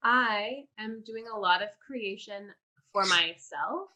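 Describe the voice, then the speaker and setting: A woman chatting as a guest on a theatre podcast, her voice bright and forward at a middle pitch. She talks in a relaxed, breezy way. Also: slow pace, lo-fi sound. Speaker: guest, actor. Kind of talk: casual interview chat.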